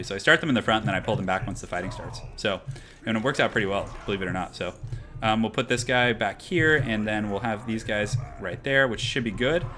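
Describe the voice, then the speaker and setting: A man's voice: on the low side, bright, forceful tone, a little hiss or hum. A young man casually chatting through a live stream while setting up a strategy game battle, rambling with lots of fillers. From half Irish heritage.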